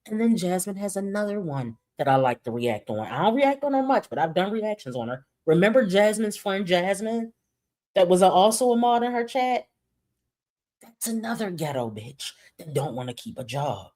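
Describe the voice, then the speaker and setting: A woman's voice: fairly low pitch, animated, moderate pace, darkish tone. A woman hosting a reaction vlog, blunt, profane and sassy, leaning on catchphrases. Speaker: reaction channel host.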